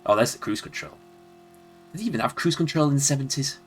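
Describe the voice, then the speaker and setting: Animated and fast, this medium-pitched Leeds man streams old games, with a little hiss or hum on the recording. His Yorkshire-accented live commentary is casual and rambling, full of chuckles and remarks to himself while playing.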